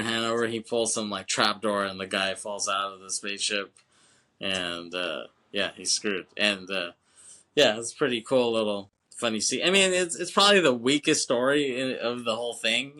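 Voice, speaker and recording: On a film podcast, a male co-host with a lowish, sharp-toned voice rambles casually, peppering his talk with fillers and the odd curse. "You know what I'm saying" comes up again and again.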